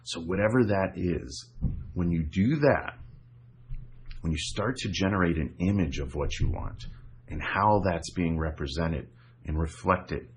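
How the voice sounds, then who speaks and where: A man's voice: low-pitched, measured pace. A man coaching viewers through a visualization technique in a casual, repetitive way, often checking in with "right?" and "okay?". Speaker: self-help coach. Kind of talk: guided instruction to camera.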